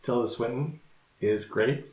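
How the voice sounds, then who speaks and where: A man's voice: mid-range voice, unhurried, darkish tone, reverberant. A man co-hosting a podcast in casual chat, chatty and laughing often. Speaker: podcast co-host.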